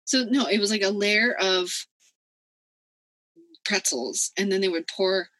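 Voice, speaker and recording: A woman co-hosting a casual chat, animated and quick to laugh, swearing freely. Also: mid-range voice, no room sound. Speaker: podcast co-host.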